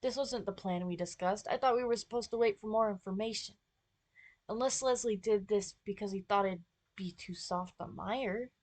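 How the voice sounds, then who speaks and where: A woman streamer reading a visual novel aloud, narrating the protagonist's thoughts and breaking into playful rants. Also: mid-range voice. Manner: expressive, quick to rant playfully.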